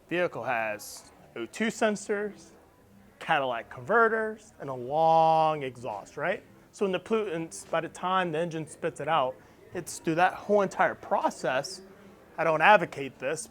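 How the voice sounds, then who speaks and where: A man giving an animated, storytelling talk to a live audience about his startup, often laughing and acting out what people said. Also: a little high. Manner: animated, laughing, acts out quotes. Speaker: startup founder speaker. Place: event venue with audience.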